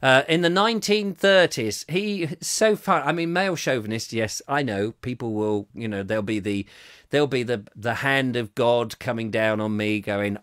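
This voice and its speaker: A man hosting a comic live chat show, rambling jokily and reading out viewer comments, swinging between loud bursts and mumbled asides. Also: medium pitch, moderate pace, clean tone, no echo, studio quality.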